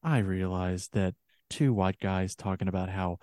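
A man's voice: deep voice, measured pace, warm tone, dry recording. Rambling male podcast co-host, dry sound. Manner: rambling, laughs often, trails off. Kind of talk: casual chat.

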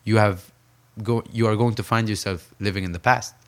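A young man with a fairly low voice tells an earnest, intense story in an interview. He reenacts what others said and slows right down to drive his points home. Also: fairly even intonation. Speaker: professional boxer, podcast guest.

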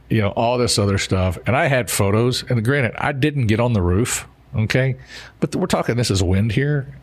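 A jovial man co-hosting a relaxed podcast about his work as an insurance adjuster. His voice sits a little low, and he rambles along with plenty of fillers. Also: normal speed. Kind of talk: casual podcast chat.

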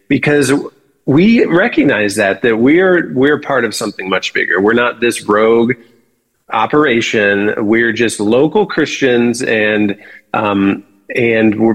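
A man's voice: mid-range voice, a bit bright, long reverb tail. A man who founded a ministry, answering interview questions earnestly and often correcting himself mid-sentence. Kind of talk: podcast interview.

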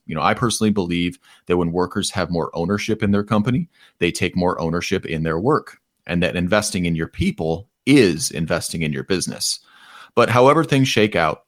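A man's voice: low voice, dry recording, studio quality. A man from the Detroit area hosting a podcast segment, giving casual, opinionated commentary on economic news with frequent ums. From Metro Detroit, USA. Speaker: podcast host.

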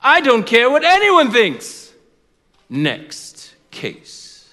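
A man's voice: medium pitch, extremely slow, pitched below the performer's own voice, exaggerated voice. A man acting out a corrupt, arrogant judge who coldly brushes off a widow. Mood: dismissive. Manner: dismissive, flat brush-offs. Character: corrupt, arrogant male judge, dismissive and cold. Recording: long reverb of a large hall.

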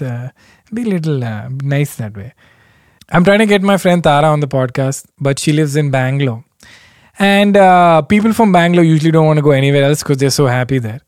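A man's voice: on the high side, a little mellow, no room sound, studio quality. A man hosting a podcast alone, rambling casually with self-deprecating asides and frequent chuckles. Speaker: podcast host. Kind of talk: casual solo podcast chat.

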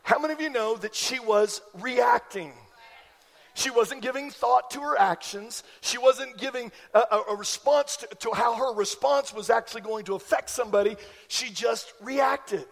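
A middle-aged man preaching a sermon. He tells stories, slows down for key points and repeats lines so they sink in. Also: very high voice, creaky. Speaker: pastor. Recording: long hall reverb.

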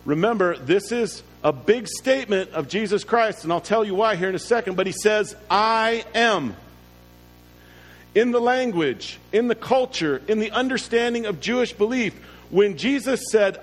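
A man preaching a sermon in a bright, high voice, leaning hard on key words with slow emphasis. His voice rings with a long reverb, and faint music sits behind him. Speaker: pastor. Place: church.

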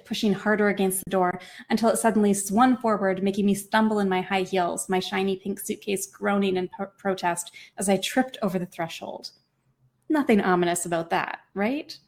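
A woman who writes novels and hosts a podcast reads her own novel aloud, telling the story in an expressive, lively way. She speaks at a moderate pace in a mid-range voice.

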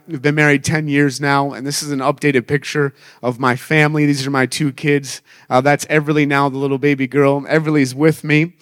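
A man's voice: fairly high pitch, clean tone. A man in his thirties, a traveling evangelist, preaching a sermon with upbeat storytelling and self-mocking humor.

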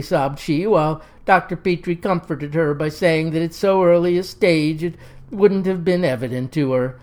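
Homespun woman storyteller, lowish voice. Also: normal speed, a little mellow. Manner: homespun, mock-formal word choice. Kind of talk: folksy comic storytelling.

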